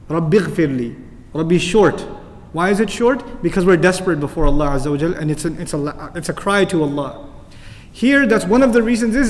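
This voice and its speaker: A man's voice: high voice, a little mellow. A man teaching a Quran commentary lecture, speaking emphatically and reciting Arabic verses between explanations. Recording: long hall reverb.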